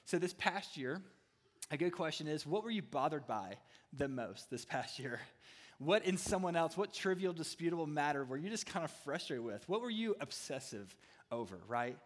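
Guy pastor giving a sermon, kinda high voice, cracks jokes, big echoey hall. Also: expressive, moderate pace. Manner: humorous, playful asides. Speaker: student ministry pastor. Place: church hall. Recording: reverberant hall.

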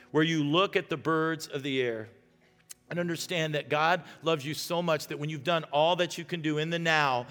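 A man preaching a sermon as pastor, earnest and pleading, dropping to a hush when he prays. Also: a little high, big-room sound. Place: church auditorium.

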